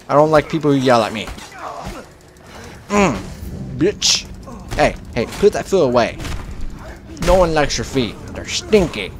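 A man's voice: a little high, big pitch swings, slow pace, long pauses. Foul-mouthed man joking through a game. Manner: profane, joking, talks back to the game. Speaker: video game let's player. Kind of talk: casual gameplay commentary.

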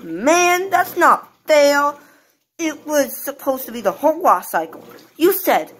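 A woman's voice: sits high, sing-song, a little slow, voice pushed up. A woman putting on the voice of Teddy, a whiny little boy who gets upset easily, pouting and demanding in a skit.

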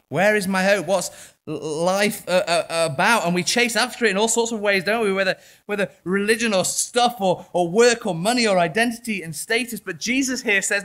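An English pastor's high-sitting voice carries an impassioned sermon in church, moving back and forth between hushed and loud passages.

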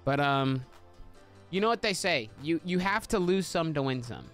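A young man chats through a game livestream from a small room at home, joking, swearing and jumping into excited yelps. His voice sits a little high and swings widely in pitch. Faint music plays underneath. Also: moderate pace. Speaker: game streamer. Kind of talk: casual livestream chatter while playing.

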